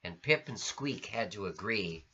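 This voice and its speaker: A man reading a children's storybook aloud in an expressive, sing-song way. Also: on the low side, measured pace, husky. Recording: lo-fi recording.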